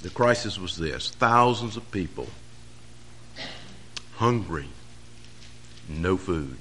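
A man preaching a sermon, pressing key phrases harder and louder as he drives each point home. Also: deep voice, animated, slow, slight background noise.

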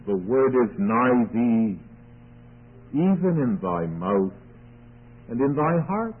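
A man's voice: a little high, husky. A man preaching verse by verse, reading scripture aloud and then explaining it. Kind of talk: radio Bible teaching. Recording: tinny phone-like radio broadcast.

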